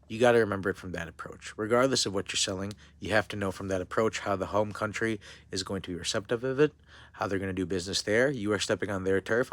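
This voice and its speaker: A man's voice: on the low side, a bit bright, no room sound. A man from India giving a casual video lesson as an instructor. He rambles, corrects himself, and keeps checking in with "okay?" and "you know?".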